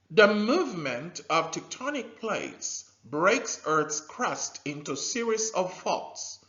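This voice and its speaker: A man teaching a scripted science lesson to young learners, slow and animated, with drilled repetition and loud praise. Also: fairly high pitch. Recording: dull lo-fi recording.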